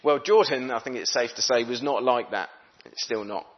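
A man's voice: mid-range voice, moderate pace, highs cut off. A man preaching a sermon, reading scripture aloud and talking it through in an easy, conversational way, sometimes voicing what the characters think. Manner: conversational, voices characters' thoughts.

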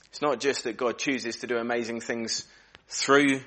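A man's voice: mid-range voice, steady tone, moderate pace, fairly bright tone. Earnest male preacher giving a sermon. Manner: earnest, reflective, varies pace and volume for emphasis. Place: church.

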